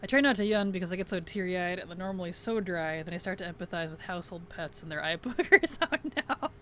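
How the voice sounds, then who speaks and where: A woman's voice: lowish voice, quick pace, a bit bright. A woman streamer in casual livestream chat, thanking subscribers, answering chat and giggling often.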